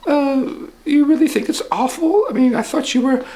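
A man voicing a pompous, bossy rich man in a high, self-satisfied voice. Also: normal speed, mellow.

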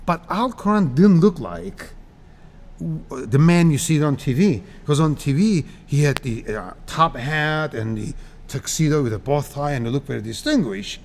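Animated, laughing man from Cyprus in his 60s. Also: a little high, normal speed. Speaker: guest. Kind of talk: casual interview storytelling.

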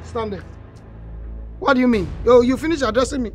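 A woman playing a sharp-tongued village scold. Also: a little high, brisk, soft background music, lightly acted. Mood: mocking scolding. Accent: Nigerian. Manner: loud, mocking, insulting. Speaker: villager scolding an old man. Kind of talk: Nollywood film acting.

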